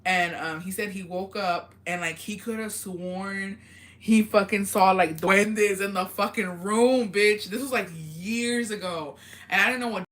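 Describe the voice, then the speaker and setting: A woman's voice: medium pitch, measured pace. A woman hosting a casual livestream chat, telling stories animatedly, swearing freely and laughing often. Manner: animated storytelling with lots of fillers. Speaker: livestream host. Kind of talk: casual livestream chat, reading viewer comments.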